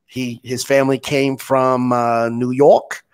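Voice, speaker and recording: A man hosting a podcast, telling stories in a relaxed way with frequent restarts. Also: mid-range voice, slow, clean tone. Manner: relaxed storytelling, many restarts. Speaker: podcast host. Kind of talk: casual interview chat.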